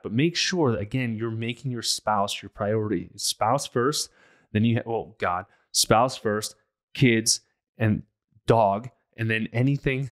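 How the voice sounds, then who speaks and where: A man's voice: mid-range voice, fairly bright tone. A man with a mid-range voice talks through relationship advice as a podcast host. He speaks bluntly and emphatically, in a loose, casual monologue.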